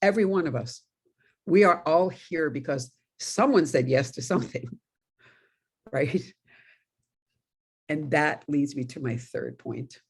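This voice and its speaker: Speaking slowly with long pauses, a middle-aged woman minister from New York, USA, preaches in a low-pitched, husky voice. The sermon is conversational, built on stories with laughing asides.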